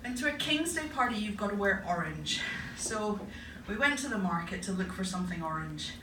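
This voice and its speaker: A woman's voice: mid-range voice, lively intonation, fairly quick. A woman academic performing a stand-up comedy set, telling stories in a wry, punchy way on stage before a live audience. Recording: echoey live venue, distant mic, noisy. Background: audience laughter and room ambience.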